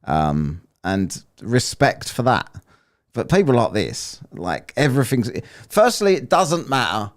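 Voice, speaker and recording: A man's voice: medium pitch, big pitch swings, unhurried. A man hosting and commenting with sarcastic, exasperated mockery. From United Kingdom. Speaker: host reacting to a stream. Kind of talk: mocking commentary.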